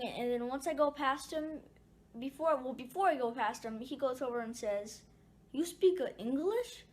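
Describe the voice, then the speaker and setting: A woman casually tells her viewers a personal story. Her voice is a touch high. She rambles, trailing off and restarting often. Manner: rambling, many fillers and restarts.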